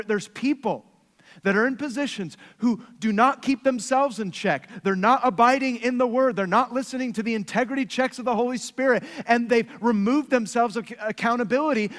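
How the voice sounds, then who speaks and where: A man's voice: very high-pitched, fairly bright tone, in a large hall. A man in his thirties preaching a sermon as pastor, earnest and direct, with playful asides about his family.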